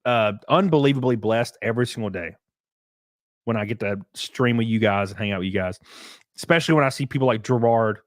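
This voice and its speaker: A man hosting a livestream, chatting and ranting in a blunt, profane, animated way. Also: fairly low pitch, a little fast, dry recording, clean studio sound. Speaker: livestream host. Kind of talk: casual livestream chat and rant.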